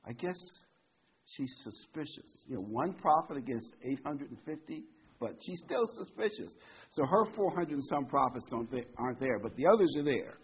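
Man, bible study teacher, husky, muffled lo-fi sound, chatty storytelling. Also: expressive, normal speed. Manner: conversational, storytelling, jumps to a higher pitch for quoted voices. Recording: dull lo-fi sound.

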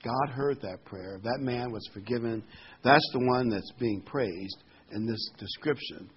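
A man's voice: mid-range voice, a little slow. A man preaching an informal sermon, speaking in a conversational way with fillers and asides. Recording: slightly dull recording with faint hiss.

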